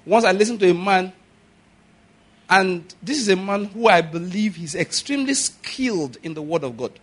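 A man preaching a sermon, telling stories and acting out the people in them with sudden shouts. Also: high-pitched, expressive, moderate pace. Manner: storytelling, acts out quoted voices with sudden shouts. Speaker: pastor.

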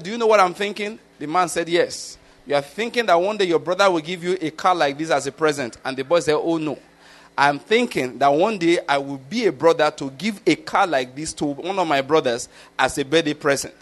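A man's voice: high-pitched, fairly bright tone. A middle-aged man with a Nigerian accent preaching a conversational sermon, often stopping to ask whether his listeners follow. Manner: keeps checking if listeners follow.

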